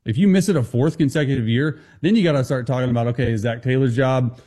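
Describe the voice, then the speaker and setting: A man appearing as a football analyst guest on a sports talk show, talking fast and confidently with quick restarts. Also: medium pitch, dark tone.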